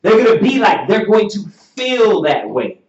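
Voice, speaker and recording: A man's voice: high-pitched, sing-song. Emphatic preaching man in an echoey room. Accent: Southern US. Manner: preachy and emphatic, rising to near shouting, drawn-out repeated questions. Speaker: teacher. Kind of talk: sermon-style class teaching. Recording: muffled, roomy, from far off the mic.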